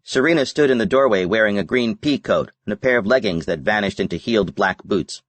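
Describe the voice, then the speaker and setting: A male narrator reads a novel in a measured, steady manner. His voice sits low. The sound is dry and close to the mic, with no room echo. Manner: measured, even reading. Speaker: audiobook narrator. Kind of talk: scripted narration.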